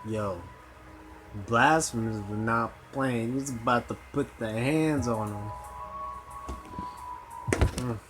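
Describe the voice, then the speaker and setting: A man's voice: mid-range voice, slow pace, pauses often, over music, poor audio. A man hosting a reaction video, commenting hesitantly and thinking aloud with ums. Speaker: host reacting to a clip.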